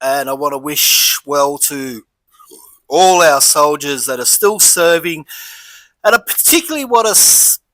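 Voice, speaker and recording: A man's voice: fairly high pitch, animated, measured pace, pushed and bright, dry recording, poor audio. An Australian man casually reviewing a beer and rambling through a story, chatty and easygoing.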